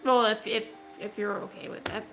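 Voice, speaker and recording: A woman's voice: medium pitch, steady tone, fairly quick. A woman playing a tabletop game, speaking politely in character. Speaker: player. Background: music.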